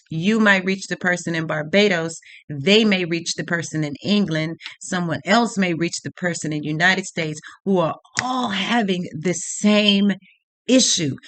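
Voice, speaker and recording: A woman's voice: mid-range voice, fairly bright tone, no room sound. Blunt, profane woman tarot reader ranting. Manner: blunt, heavily profane, laughs at her own points. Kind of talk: unscripted rant to camera.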